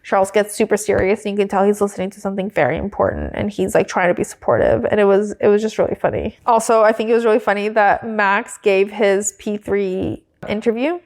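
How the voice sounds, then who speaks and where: A woman hosting a podcast in loose, casual chat, her speech full of "like" and small restarts. She sounds amused and tells things at an easy pitch for a woman. There is no echo or background sound. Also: fairly even intonation, brisk, vocal fry, few pauses, a little mellow. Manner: chatty, peppered with "like", breaks into giggles. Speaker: podcast co-host.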